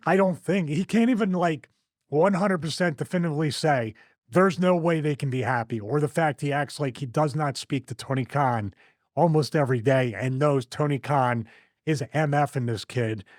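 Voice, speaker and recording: A man with a Philadelphia accent hosting a wrestling podcast, chatting in an animated, opinionated way with frequent laughs. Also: on the high side, moderate pace, no echo, studio quality. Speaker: wrestling show host. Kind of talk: casual podcast chat.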